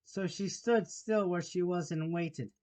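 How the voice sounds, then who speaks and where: A man with a shrill voice narrating an audiobook of a storybook, with occasional slips and restarts. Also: unhurried, a little mellow.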